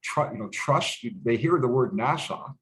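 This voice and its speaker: Canadian guy rambling on, lots of uh and you know, restarts and cusses, middle pitched voice. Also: lively intonation, fairly bright tone, low-quality recording. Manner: rambling, halting, many restarts and fillers, blunt swearing. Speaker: guest. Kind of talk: casual conversational interview.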